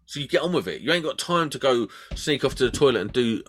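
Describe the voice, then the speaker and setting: A man's voice: mid-range voice, big pitch swings, fast, slightly rough. A man swaps stories with a co-host in easygoing chat. His voice swings up and down, and he laughs often. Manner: chatty storyteller, laughs often. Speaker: podcast co-host. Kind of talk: casual chat.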